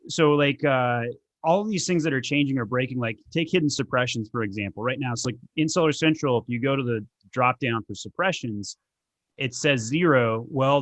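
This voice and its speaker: Man podcast host, mid pitch, dry close mic, casual and direct. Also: a bit bright, dry recording. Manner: conversational, clears throat, quick asides.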